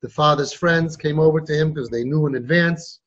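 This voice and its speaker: Man, podcast host, high voice, dramatic storyteller, muffled lo-fi sound. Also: normal speed, a bit bright, slightly rough. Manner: dramatic, acts out quoted voices. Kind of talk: animated storytelling to an audience.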